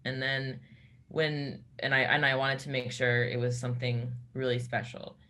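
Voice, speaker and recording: A woman who sings in a metal band, speaking in a casual interview and telling a personal story haltingly, with many restarts. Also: a bass voice, level tone, a bit bright.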